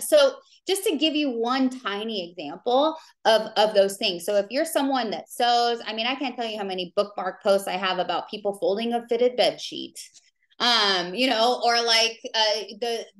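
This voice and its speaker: A woman in her thirties giving a casual live training call, chatty and rambling with lots of fillers. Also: on the high side. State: tearful. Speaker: business coach.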